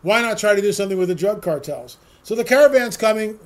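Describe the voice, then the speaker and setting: A man's voice: sits high, lively intonation, fast talker. A man giving a combative, sarcastic political monologue as a talk radio host, full of rhetorical questions.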